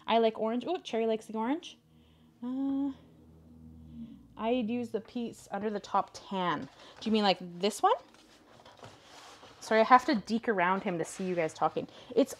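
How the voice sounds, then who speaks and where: Chatty young woman crafting on a live stream. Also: a little high. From Canada. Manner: chatty, indecisive, talks to chat and her cat. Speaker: craft video host. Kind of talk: casual live-stream chat while crafting.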